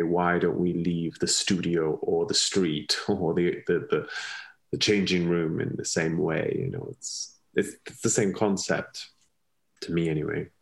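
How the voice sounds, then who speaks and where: A man's voice: low-pitched, creaky. A man with a European accent, talking reflectively as an interview guest, often laughing and repeating words while he searches for them. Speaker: interview guest, former ballet colleague and mentor. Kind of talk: reflective conversational storytelling.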